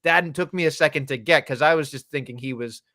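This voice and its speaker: A man's voice: on the high side, brisk. A man co-hosting a wrestling podcast in casual, profane chat, often acting out what others said. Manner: profane, animated, acts out quotes. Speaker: podcast co-host.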